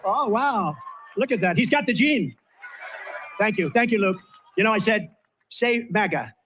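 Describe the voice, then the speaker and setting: A man's voice: high voice, expressive, moderate pace, a bit bright, a little hiss or hum. An older man giving a rambling campaign rally speech from a stage, full of repetitive, off-the-cuff asides. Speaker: political candidate at a rally.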